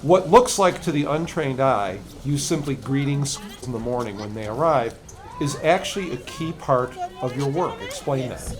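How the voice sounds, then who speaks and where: A man interviewing a school staff member, asking measured, prompting questions. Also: medium pitch, lively intonation, crowd noise.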